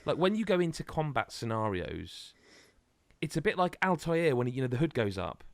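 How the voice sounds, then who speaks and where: Man, podcast chat, rambling, animated, dry close mic. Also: mid-range voice, normal speed, dry recording. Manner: rambling, animated, many restarts. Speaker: podcast co-host. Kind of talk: casual chat.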